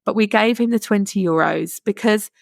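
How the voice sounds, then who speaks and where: A woman's voice: medium pitch, moderate pace, gravelly, dry recording, clean studio sound. A young adult woman hosting a podcast, telling a personal story in a chatty, earnest way with frequent "you know" asides. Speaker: podcast host. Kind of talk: casual storytelling monologue.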